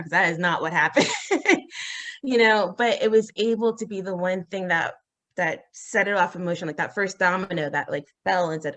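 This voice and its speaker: A woman as an interview guest, telling a personal story in a halting, earnest way with many fillers and restarts. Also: fairly bright tone. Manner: acts out quoted voices, rising high.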